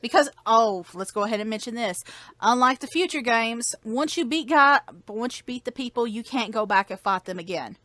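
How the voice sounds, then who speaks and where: A woman's voice: fairly high pitch, lively intonation, moderate pace, fairly bright tone. A woman chatting casually while playing a video game with a friend. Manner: chatty, reads on-screen text aloud. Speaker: co-host of a game playthrough. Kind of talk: casual gaming commentary.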